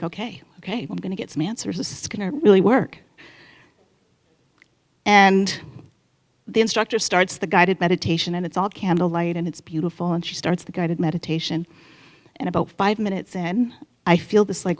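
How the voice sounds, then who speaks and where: A woman in her fifties telling a candid personal story on stage at a live event, chatty and acting out her own inner voice. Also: on the low side. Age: 50s.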